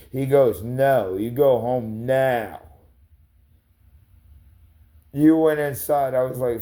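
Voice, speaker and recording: A man's voice: mid-range voice, dark tone. A man ranting in a rambling, confrontational way, swearing heavily and calling out people by name. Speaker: livestreamer. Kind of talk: rambling angry rant.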